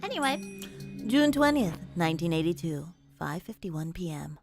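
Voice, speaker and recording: A woman's voice: lowish voice, very animated, moderate pace, over music. A woman streamer reading a visual novel aloud and chatting in a giggly, playful way. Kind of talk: casual game-reading stream.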